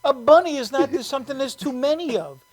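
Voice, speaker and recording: A woman comedian hosting a casual show, telling rambling comic stories in an animated way and laughing often. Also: sits high, fast, crowd noise. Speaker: comedian host.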